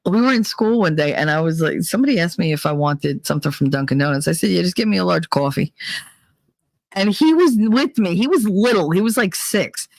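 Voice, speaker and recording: A middle-aged woman with a thick New Jersey accent, hosting a podcast and telling stories in a casual, animated way, laughing often and swearing freely. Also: fairly low pitch, a little fast, hardly any pauses, no echo. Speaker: podcast host. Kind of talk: casual storytelling monologue. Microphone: home computer mic.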